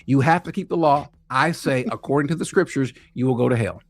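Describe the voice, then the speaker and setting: A man's voice: medium pitch, a little fast, heavy background noise. A man preaching with emphatic, insistent delivery. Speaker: preacher in a played clip.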